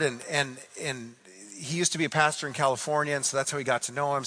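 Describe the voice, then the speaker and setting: Forceful, animated preacher man. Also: fairly high pitch, long reverb tail, poor audio. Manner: animated, repeats phrases for emphasis. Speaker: pastor. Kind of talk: sermon.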